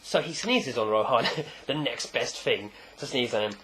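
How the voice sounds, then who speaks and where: A man casually recapping a manga chapter, animated and acting out the characters. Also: mid-range voice, moderate pace, a little hiss or hum. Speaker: manga reviewer.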